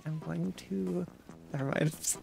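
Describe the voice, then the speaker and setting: A streamer chatting casually while playing a game, sarcastic and quick to react to chat and gameplay. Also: mid-range voice, fairly even intonation, vocal fry, over music.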